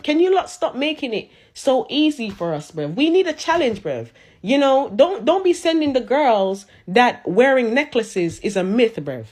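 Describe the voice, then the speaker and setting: Fairly high-voiced woman, sassy, mocking roast rant. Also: darkish tone. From Jamaica. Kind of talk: social media rant.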